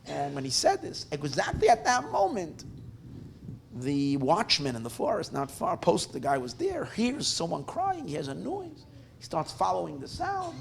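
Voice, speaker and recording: Animated gravelly-voiced male rabbi storyteller. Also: fairly high pitch, a little hiss or hum. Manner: animated, conversational, self-interrupting. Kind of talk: storytelling sermon at a gathering. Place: live evening gathering.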